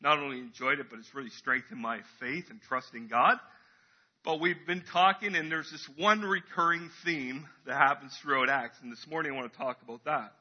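Guy preaching in church, kinda husky, slightly high voice, muffled lo-fi recording. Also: steady tone, normal speed. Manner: casual, chatty preaching with fillers and acted-out crowd voices. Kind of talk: sermon.

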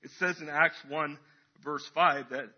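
A man's voice: fairly high pitch, steady tone, measured pace, lo-fi sound. A man preaching a casual, chatty sermon in church, acting out crowd voices as he tells the story.

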